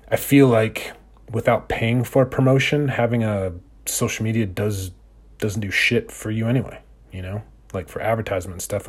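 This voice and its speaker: A man's voice: on the low side, a little mellow, husky. A man in his thirties hosting a solo podcast, ranting in a profane, exasperated way. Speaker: podcast host.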